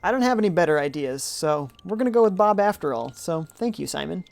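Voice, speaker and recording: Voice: mid-range voice, animated, fast, vocal fry. A game streamer giving live commentary, reading viewers' chat aloud and musing and humming while deciding things. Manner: chatty, muses aloud, hums while thinking.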